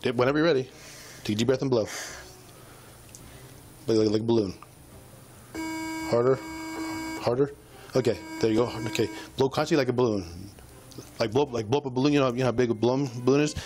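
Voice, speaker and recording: A man's voice: mid-range voice, fairly even intonation, fairly quick, long pauses, noisy background. A male police officer coaching a suspect through a breath test with short, repeated commands. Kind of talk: bodycam field recording.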